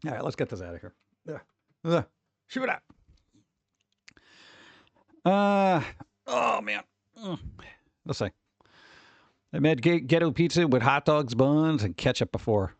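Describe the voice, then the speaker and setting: A man's voice: a little high, sing-song, unhurried, vocal fry, pauses often, no echo. A man hosting a stream, chatting casually in a rambling way, with some swearing and chuckles. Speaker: streamer host. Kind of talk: casual chat.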